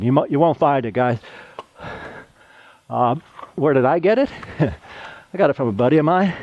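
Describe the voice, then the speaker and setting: Middle aged plaster guy, kinda high voice, rambles on while he works, dry dull audio. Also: no room sound. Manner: rambling, chatty, tells side stories. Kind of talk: casual how-to demonstration.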